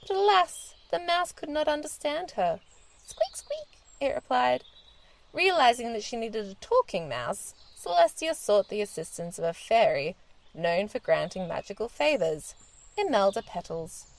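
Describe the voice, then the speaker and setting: A woman reading a children's storybook aloud in a gentle, expressive storytelling manner. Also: a little high, moderate pace.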